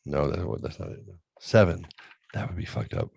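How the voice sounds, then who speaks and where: A man's voice: deep voice, big pitch swings, normal speed, gravelly, a little mellow, husky. A man hosting a talk show, chatting crudely and rambling, often acting out other people's voices in his stories. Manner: profane, rambling, acts out voices in anecdotes. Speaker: podcast host. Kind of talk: crude comedic chat.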